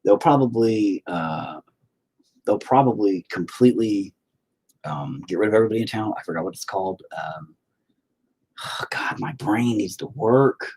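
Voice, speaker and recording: Young male streamer, low husky voice, lively swings in pitch, rambling and profane. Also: a little slow, long pauses. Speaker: livestreamer painting while chatting. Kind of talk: casual stream chat. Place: home, indoors.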